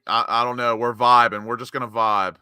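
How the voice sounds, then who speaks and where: A young man hosting a live football watchalong, giving excitable, emotional fan commentary into a close mic. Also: mid-range voice, fairly quick, clean tone, no echo. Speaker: watchalong host.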